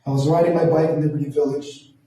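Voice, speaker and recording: Man doing stand-up, high voice, profane and animated, mellow tone, echoey room heard from far off. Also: quick pace. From Toronto. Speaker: stand-up comedian. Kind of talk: stand-up storytelling. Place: small performance room.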